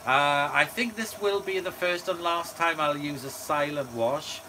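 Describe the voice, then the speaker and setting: A channel host with a slightly high voice speaks a little slowly during a live stream at home, with a washer running nearby and a noisy background. He chats with enthusiasm and reads out viewers' comments, filling his speech with fillers.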